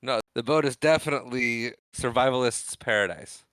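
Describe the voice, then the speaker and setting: A man with a smooth, resonant voice at an ordinary pitch chats casually as a podcast co-host. He asks quick questions and adds short, dry remarks. The recording is close and dry. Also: a bit bright, no room sound.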